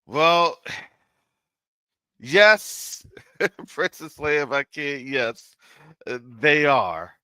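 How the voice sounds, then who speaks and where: Male host from Florida, casual commentary, bright and lively delivery, fairly high voice, dry close sound. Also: extremely slow, long pauses, clear, resonant tone, no room sound. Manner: animated, jokey, preacherly asides. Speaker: channel host.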